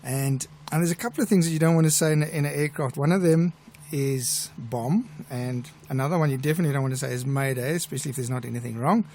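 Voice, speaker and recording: A middle-aged man with a South African accent, a pilot who hosts a live show and tells stories in a chatty, relaxed way. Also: medium pitch, fast talker, few pauses, a little hiss or hum. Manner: chatty, relaxed storyteller with restarts. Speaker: airline pilot and show host. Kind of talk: live show chat and anecdote telling.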